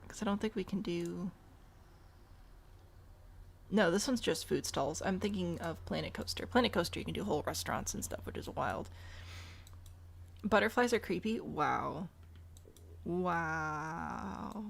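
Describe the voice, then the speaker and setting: A woman gives casual let's-play commentary on a zoo game and thinks aloud as she plans. Her voice has a gravelly fry to it. She talks back to the animals on screen. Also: lowish voice, normal speed, long pauses. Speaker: game streamer.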